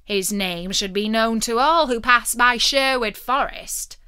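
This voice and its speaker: A woman voicing a huge, fearless male outlaw in a read-aloud storybook, calling out loudly and heartily. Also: fairly high pitch, a little slow, smooth. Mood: hearty.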